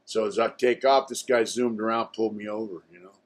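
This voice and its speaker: A man's voice: fairly low pitch, steady tone, a little fast. An older man telling his own story in a casual, blunt way, with some swearing and a lot of "you know" between phrases.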